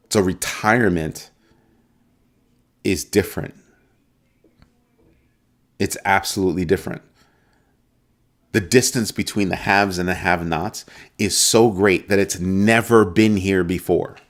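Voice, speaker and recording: A middle-aged man from New York hosting a crypto show, talking to viewers in an emphatic way and repeating his points for stress. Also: deep voice. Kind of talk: casual talk to viewers.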